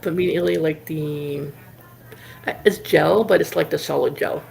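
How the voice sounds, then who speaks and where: A woman's voice: deep voice, normal speed, creaky. A woman livestream host casually telling a rambling story, full of "like" fillers. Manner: animated anecdote telling.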